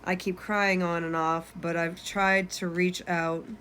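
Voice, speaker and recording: A woman's voice: lowish voice, little pitch movement, unhurried, fairly bright tone, a little hiss or hum. A woman in her twenties reading her own journal aloud, candid and unfiltered, swearing casually. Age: 20s. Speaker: vlogger.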